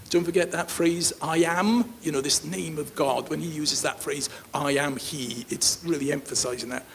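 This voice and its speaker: A man pastor teaching a sermon, animated and joking with his congregation. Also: fairly high pitch, moderate pace, creaky, breathy edge. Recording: faint hiss.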